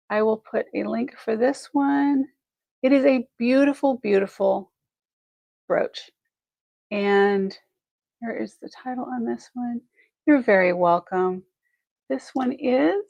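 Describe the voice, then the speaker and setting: A woman's voice: a little high, gravelly, a little mellow, no echo, low-quality recording. A woman hosting a live online jewelry sale, chatty and effusive, thinking aloud as she measures pieces and thanks buyers. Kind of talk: live shopping stream chat.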